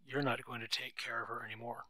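Man voicing a polite earnest young guy in love, calm, bright voice, no room sound. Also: medium pitch, fast talker, no room sound, rough recording.

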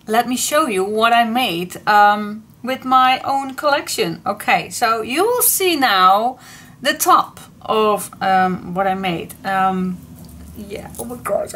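Gushing Dutch-accented woman, slow bright voice. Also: medium pitch, slight background noise. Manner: gushing, excitable, repeats oh my gosh. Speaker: paper craft channel host. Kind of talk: casual crafting vlog.

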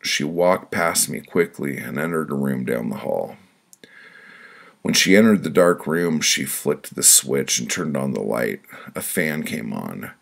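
A middle-aged man with a very low, gravelly voice reads his own prose poems aloud. His telling is blunt and deadpan, with a husky edge and plenty of swearing. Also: a little slow. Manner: blunt, profane, deadpan storytelling. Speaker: author reading his own book. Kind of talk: audiobook reading of prose poems.

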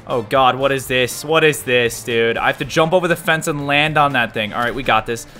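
A young man giving excitable gameplay commentary, swinging from low muttering to sudden yelps and shouts, laughing often. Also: fairly quick, faint music behind. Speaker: gaming YouTuber.

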